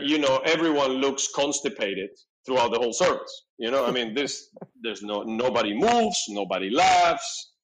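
A man's voice: mid-range voice, poor audio. A middle-aged man telling a personal story in casual conversation, acting out his own and others' lines with frequent fillers. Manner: animated, acts out dialogue, frequent "you know". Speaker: podcast guest.

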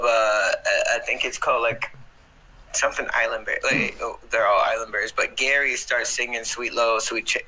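A man's voice: medium pitch, pushed and bright, rough recording. A man hosting a casual livestream, joking around crudely and swearing freely. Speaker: livestream host. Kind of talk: casual chat.

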